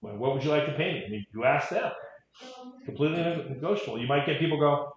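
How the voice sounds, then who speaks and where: Man, wry conversational coaching, booming echo, muffled sound. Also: quick pace. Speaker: real estate trainer. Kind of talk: training talk with stories. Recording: echoey, dull room audio.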